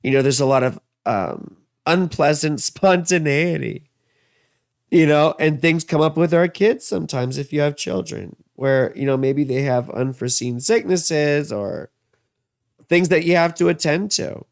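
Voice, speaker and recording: A man's voice: a little high, measured pace, creaky, no echo, studio quality. A man in his thirties giving a casual, rambling astrology and tarot reading, full of asides and fillers.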